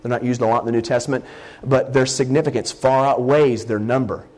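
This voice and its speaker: A man preaching a sermon as a Bible word study, talking conversationally and slowing down to stress key words. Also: medium pitch, fairly even intonation, darkish tone.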